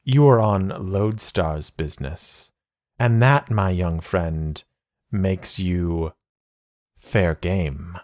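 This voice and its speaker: A man voicing a menacing rival clan leader who speaks in a cold, gloating, unhurried way. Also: deep voice, a little mellow.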